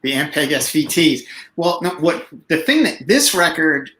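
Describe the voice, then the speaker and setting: A man's voice: a little high, sing-song, normal speed, bright, forceful tone. A man co-hosting, chatting casually about a record with enthusiastic agreement. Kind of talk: casual chat. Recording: echoey room.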